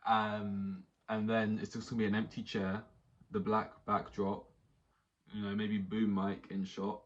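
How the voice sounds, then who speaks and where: Male podcast host, casual animated rant, slightly low voice, dull lo-fi mic. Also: normal speed. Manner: animated, does mock voices for quotes.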